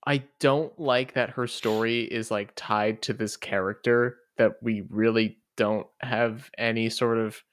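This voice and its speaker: A man's voice: lowish voice, fairly even intonation, a little slow, few pauses. Young man telling stories full of fillers. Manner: loose, filler-heavy storytelling. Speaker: podcast co-host. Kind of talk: casual movie review chat.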